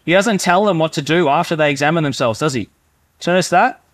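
A man preaching in a relaxed, conversational way, now and then slipping into the voices of inner thoughts. His voice sits a little high for a man. The sound is dry and close. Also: fast talker, no room sound. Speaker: pastor. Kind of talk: sermon.

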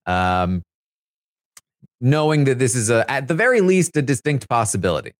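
A man's voice: medium pitch, very animated, moderate pace, dry recording. Casual man recapping a show, dry sound. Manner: conversational, loose, with many fillers. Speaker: host recapping reality show live feeds.

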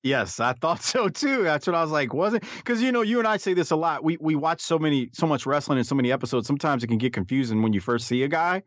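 A man's voice: a little high, lively intonation, fast talker, few pauses, dry recording. A man co-hosting a casual podcast, talking with hesitant restarts and easy laughter. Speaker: podcast co-host. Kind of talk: casual podcast review chat. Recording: dull, dry lo-fi mic.

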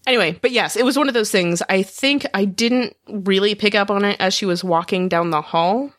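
A woman's voice: medium pitch, a little fast, no room sound, studio quality. A woman co-hosting a TV discussion podcast, chatting casually and reading out listener feedback. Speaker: podcast co-host.

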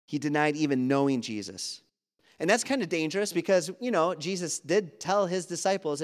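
Male preacher, slightly higher voice, earnest and conversational, big church reverb. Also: animated, normal speed. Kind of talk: sermon. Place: church sanctuary. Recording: long hall reverb.

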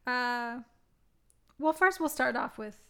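A woman co-hosting a movie review podcast, playful and quick to laugh in casual chat. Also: fairly high pitch, creaky, a bit bright, smooth. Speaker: podcast co-host.

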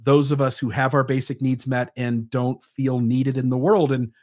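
A man's voice: mid-range voice, steady tone, normal speed, darkish tone. A man in his forties, a podcast guest who explains his ideas thoughtfully and with some fillers. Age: 40s. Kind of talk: conversational interview.

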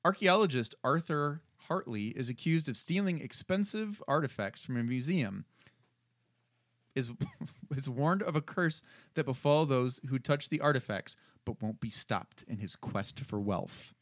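A man's voice: mid-range voice, animated, measured pace, no echo, studio quality. Man reading credits in casual chat. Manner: reads credits and synopses with fillers. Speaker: podcast co-host.

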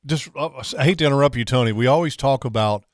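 A man's voice: medium pitch, quick pace, a little hiss or hum. A man from Northern Virginia hosting a casual radio show, easygoing and telling stories. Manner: easygoing, storytelling.

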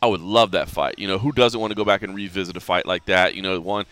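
A man hosting a podcast, chatting casually about fights, animated and full of restarts. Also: deep voice, no echo. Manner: animated, talks fast with many restarts. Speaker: podcast host. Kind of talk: casual sports chat.

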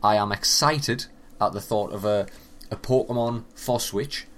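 A man's voice: lowish voice, measured pace, fairly bright tone. Profane, ranting gaming commentator man. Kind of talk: casual reaction commentary.

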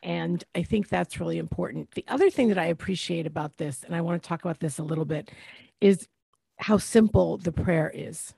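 A woman's voice: on the low side, fairly quick, vocal fry, warm tone, slightly rough, no echo. A woman hosting a faith podcast, reflecting aloud and asking her guest questions. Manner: reflective, teacherly, asks questions. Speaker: podcast host.

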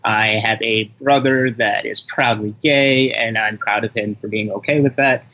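A man's voice: lowish voice, steady tone, moderate pace, bright, forceful tone, dull audio. A man from America, guesting on a podcast, speaking earnestly and confidently with a playful edge. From America, of Haitian parents. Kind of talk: casual podcast chat.

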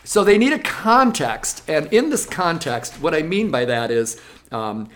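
Music teacher explaining lessons, lively, acts out the classroom bits. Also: medium pitch, unhurried. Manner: lively, switches into acted classroom voices. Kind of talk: explanatory interview talk.

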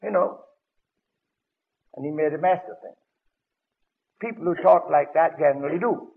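Gravelly older preacher on old radio. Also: male voice, a little high, normal speed, narrow, tinny audio. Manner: dramatic storytelling with sudden loud bursts. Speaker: evangelist preacher. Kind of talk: radio broadcast sermon.

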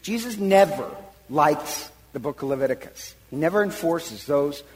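A man, a priest, retelling a Bible story in a sermon, animated and full of acted-out quotes. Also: on the high side, moderate pace, long reverb tail, low-quality recording. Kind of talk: sermon-style Bible teaching.

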